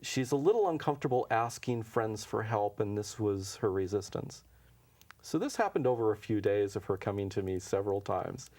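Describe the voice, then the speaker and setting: A man's voice: lowish voice, expressive, moderate pace, darkish tone. A man being interviewed as an intuition teacher, telling stories in a casual, anecdotal way and acting out the dialogue with frequent chuckles. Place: local TV studio.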